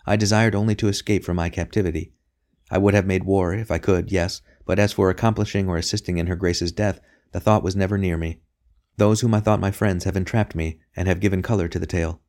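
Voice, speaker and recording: A man voicing a weary captive queen who speaks softly and calmly with quiet dignity. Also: low voice, fairly quick. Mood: earnest. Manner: soft, quiet and unruffled.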